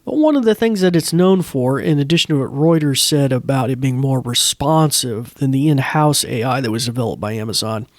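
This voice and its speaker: A man's voice: mid-range voice, a little fast, few pauses, a little mellow, no room sound, studio quality. A man hosting a podcast, talking casually and rambling with many fillers. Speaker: podcast host. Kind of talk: casual chat.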